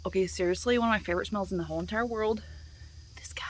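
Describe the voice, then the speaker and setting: A young woman talks casually to a handheld camera while she walks around her yard. Her voice sits at a middle pitch, and she rambles to her viewers with lots of "y'all" and "like". Faint outdoor noise runs under her voice. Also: very fast. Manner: chatty, self-talking, uses y'all and like. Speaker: vlogger. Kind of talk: casual vlog chat.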